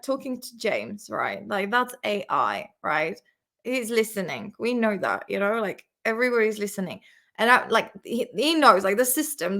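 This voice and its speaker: Woman English teacher, slow-paced, giggly and chatty, live-stream lesson. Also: a little high, bright, forceful tone. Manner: chatty, giggly, laughs often. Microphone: desk camera mic on a makeshift stand.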